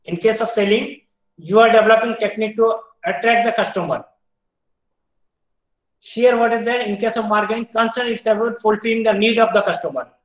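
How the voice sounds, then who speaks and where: A man with an Indian English accent giving an online university lecture, explaining step by step, quizzing students, often pausing with "uh". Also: high voice, fairly even intonation, echoey room, rough recording. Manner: explains step by step, asks students questions, frequent "uh" fillers.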